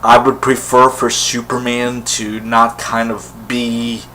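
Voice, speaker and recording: A man with a bright, forceful voice speaks slowly and unhurriedly to camera in a casual vlog. He rambles with enthusiasm, full of ums and restarts. A faint hum sits behind him. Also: mid-range voice, flat delivery, poor audio. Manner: rambling, enthusiastic fan talk with many fillers. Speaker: vlogger. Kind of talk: casual solo vlog commentary.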